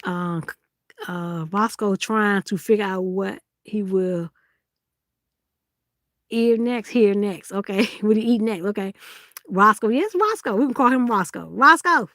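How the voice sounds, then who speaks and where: A woman's voice: mid-range voice, measured pace, fairly bright tone, dry recording, clean studio sound. A woman hosting a live-stream sale in casual chat, teasing and laughing as she reads out viewers' comments.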